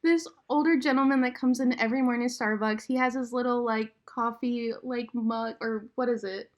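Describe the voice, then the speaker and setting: A young woman co-hosting a casual podcast, quippy and quick to joke. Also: a little high, steady tone. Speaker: podcast co-host. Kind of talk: casual chat.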